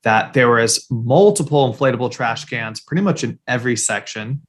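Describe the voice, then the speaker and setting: A man's voice: mid-range voice, normal speed. A man co-hosting a sports podcast in loose, rambling casual chat, with lots of fillers and casual swearing. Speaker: podcast co-host.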